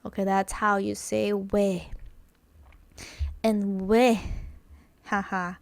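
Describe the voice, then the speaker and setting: A woman's voice: fairly high pitch, dry recording, studio quality. A woman with Korean as her first language, teaching Korean pronunciation in English, repeating each example sound many times and drawing it out. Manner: drawn-out example sounds, frequent fillers. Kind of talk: slow, repetitive pronunciation lesson.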